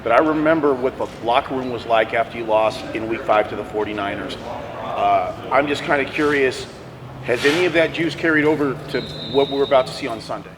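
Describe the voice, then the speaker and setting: A man's voice: mid-range voice, brisk, crowd noise, rough recording. A man, a reporter, asking a player questions in a slightly hesitant, searching way. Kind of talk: press question. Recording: outdoor street noise.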